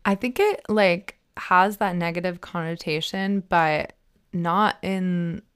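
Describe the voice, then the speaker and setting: A woman's voice: on the low side, slow pace, clear, resonant tone. A woman co-hosting a podcast, talking casually and bluntly, swearing freely and using lots of fillers. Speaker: podcast co-host. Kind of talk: casual chat. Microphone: remote call mic.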